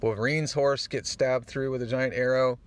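A man hosting a podcast, retelling a comic book in a casual, animated way and getting choked up at the moving parts. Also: medium pitch, normal speed. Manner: animated storyteller, acts out the dialogue; easily moved, gets choked up. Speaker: podcast host.

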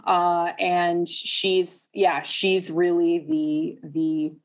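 A woman's voice: lowish voice, flat delivery, extremely slow. Woman hosting a film discussion. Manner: thoughtful, leads with questions, frequent "uh" fillers. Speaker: podcast host.

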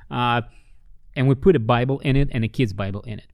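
A man telling ministry stories in an interview, with lively storytelling that acts out the voices of the people he met. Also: fairly quick, dry recording, studio quality. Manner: animated, acts out quoted voices with big pitch jumps. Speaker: ministry worker.

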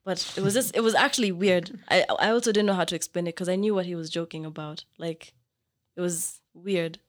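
A young woman from Kenya, chatting casually as a guest and telling animated stories full of fillers. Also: lowish voice, a little fast. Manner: animated storyteller, filler-heavy. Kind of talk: casual chat.

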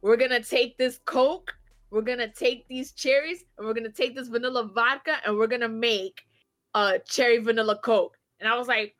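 A woman in her thirties telling a rowdy story in casual chat, animated and swearing, laughing as she goes. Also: fairly high pitch, normal speed, faint music behind.

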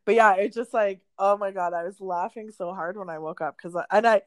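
A woman's voice: mid-range voice, fairly quick, no echo. A young woman co-hosting a podcast, telling a story in a casual way with plenty of "like" and laughter. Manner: animated storytelling with frequent "like" and laughter. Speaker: podcast co-host.

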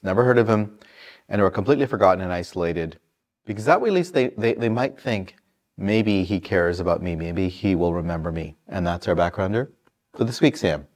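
A man's voice: deep voice, lively intonation, fairly quick, darkish tone. A man co-hosting, giving a reflective, conversational introduction. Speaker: co-host introducing the segment.

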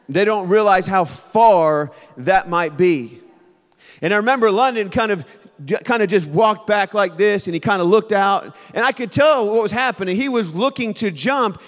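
A man in his thirties preaching a sermon, telling stories animatedly and swinging between loud bursts and hushed moments. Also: high-pitched. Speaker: pastor. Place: church sanctuary. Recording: long reverb of a large hall.

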